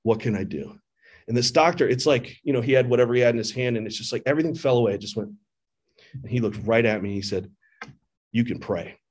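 At a church meeting hall, a middle-aged man shares an earnest, candid recovery testimony into a podium microphone at a recovery meeting. His mid-range voice comes rapid-fire, and he often restarts his sentences.

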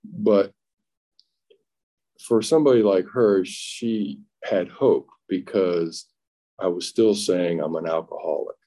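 A middle-aged man tells his own story at a recovery meeting in a plainspoken, halting way, often restarting and acting out what was said. His voice sits very low and sounds dark and mellow. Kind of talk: personal testimony at a recovery meeting.

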